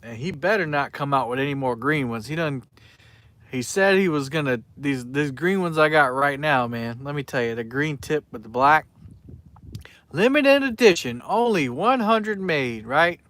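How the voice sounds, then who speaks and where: A man's voice: mid-range voice, normal speed, fairly bright tone, dry recording. A man, chatting casually on a fishing live stream and reading out viewers' names in a rambling way. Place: outdoors by the water at night.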